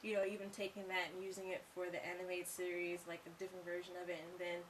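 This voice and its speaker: A woman's voice: fairly low pitch, completely flat delivery, fast, distant mic, slight background noise. A woman co-hosting a casual video game review, gushing and enthusiastic and often repeating herself. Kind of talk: casual chat.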